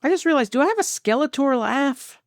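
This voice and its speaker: A male podcast co-host in casual movie-review chat, ranting in an exasperated way and quick to laugh. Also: very high voice, animated, no room sound, clean studio sound.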